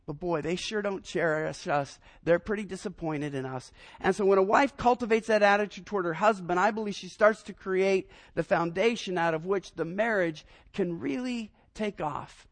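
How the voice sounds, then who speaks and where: A man in his fifties, a pastor preaching a sermon, telling personal stories in an animated way and often repeating his first words. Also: high voice, moderate pace, hardly any pauses. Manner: animated storyteller, repeats words when starting sentences.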